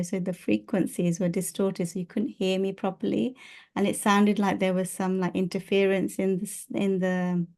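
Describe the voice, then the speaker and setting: A woman's voice: on the low side, mellow, smooth. A woman telling personal stories in a casual, chatty way, with many fillers, restarts and laughs. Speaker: spiritual teacher and video host.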